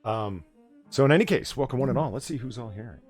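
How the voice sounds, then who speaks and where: A man with a mid-range voice hosts a casual late-night livestream chat from a bar hangout, speaking fast and animatedly over faint background music. He rambles, swears, and laughs often.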